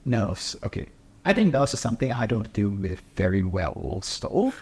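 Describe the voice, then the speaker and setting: Young man, husky voice, hesitant, lots of fillers, casual interview. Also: fairly low pitch, very animated, normal speed. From Singapore. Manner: hesitant, many fillers and restarts. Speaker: triathlete guest.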